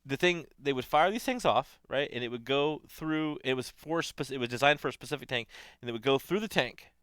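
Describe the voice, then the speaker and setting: Brief: male co-host, bright crisp voice, dry close sound, animated swearing storyteller. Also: medium pitch, a little fast, no room sound. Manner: animated storyteller, swears often, laughs a lot. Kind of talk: casual profane chat.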